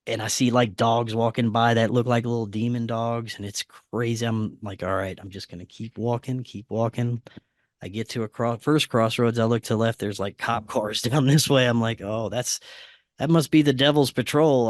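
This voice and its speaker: A man's voice: mid-range voice, no echo. Dry-voiced man telling a vivid story. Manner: acts out quoted dialogue in a quieter voice; frequent fillers and restarts, animated retelling. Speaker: podcast guest. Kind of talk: casual first-person storytelling.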